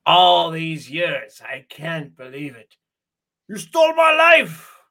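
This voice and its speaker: A man voicing a bitter, pompous aging male villain who rants indignantly, raising his voice to shouts and drawing his words out. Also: fairly high pitch, huge pitch swings, slow pace, gravelly, pitched above the performer's own voice, full character voice.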